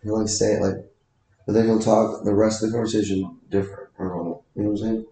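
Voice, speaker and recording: Low gravelly dude rambling on and on, dark voice, super echoey room. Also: male voice, flat delivery, quick pace, crowd noise. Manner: rambling, filler-heavy, restarts. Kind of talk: casual conversation.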